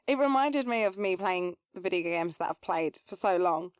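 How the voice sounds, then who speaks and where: A woman co-hosting a podcast in casual recap chat, jokey and quick to laugh. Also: on the low side, lively intonation, clean tone, no room sound, studio quality. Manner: chatty, laughs often, jokey. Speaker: podcast co-host. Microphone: podcast microphone.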